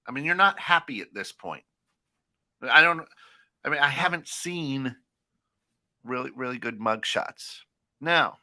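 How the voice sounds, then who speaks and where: An American man co-hosting a casual internet radio talk show, talking in halting bursts with many fillers and restarts, often laughing. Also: medium pitch, lively intonation, bright, forceful tone, no room sound, studio quality. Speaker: co-host.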